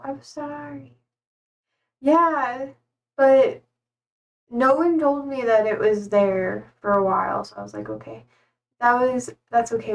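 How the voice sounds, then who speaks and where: On a casual live stream, a young woman with a slightly high voice rambles on emotionally, tearful and struggling not to cry. Because she's seated a bit back from the mic, her voice sounds somewhat distant.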